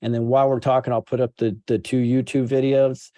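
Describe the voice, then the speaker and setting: A man's voice: mid-range voice, level tone, brisk, dark tone, dry recording. Encouraging male interview host, dry sound. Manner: encouraging, affirming. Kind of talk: casual interview chat.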